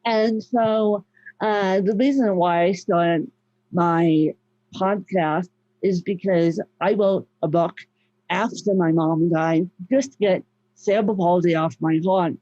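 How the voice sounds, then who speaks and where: A woman's voice: on the low side, steady tone, slow, dark tone, no room sound, dull audio. A woman guest, a podcast host and author, telling her story in a casual, emotional and repetitive way. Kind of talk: casual interview talk.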